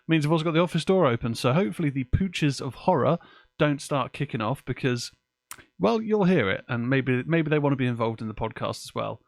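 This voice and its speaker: A man's voice: mid-range voice, lively intonation, a little fast, creaky, no room sound. A man hosting a live-streamed podcast from his home office, chatting casually and swearing offhandedly. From England. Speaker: podcast host. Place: home office with windows open. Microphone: desk microphone.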